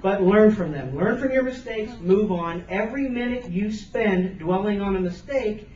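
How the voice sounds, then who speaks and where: A man's voice: high voice, animated, normal speed, a little mellow. A man giving an earnest, emphatic motivational speech to students, repeating phrases for stress. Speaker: motivational speaker. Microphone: camcorder from the audience. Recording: roomy, distant, dull camcorder sound.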